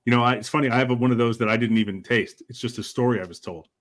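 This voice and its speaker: A man's voice: mid-range voice, rapid-fire. A man hosting a casual live show, chatting enthusiastically and telling stories. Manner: enthusiastic storyteller, laughs easily. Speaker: host. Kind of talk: casual chat.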